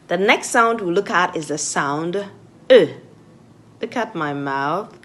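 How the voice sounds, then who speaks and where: A woman from Ghana teaching French pronunciation, saying each example word twice with clear emphasis. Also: sits low, lively intonation, measured pace, fairly bright tone. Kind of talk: pronunciation lesson.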